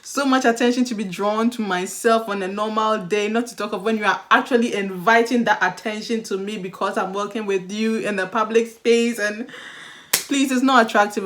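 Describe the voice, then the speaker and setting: A young woman talks straight to the camera in a relaxed, chatty way, giving dating advice. She is animated and expressive and slips into playful mock voices. Her pitch sits in the middle of the usual range for a woman. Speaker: vlogger. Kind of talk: casual advice vlog.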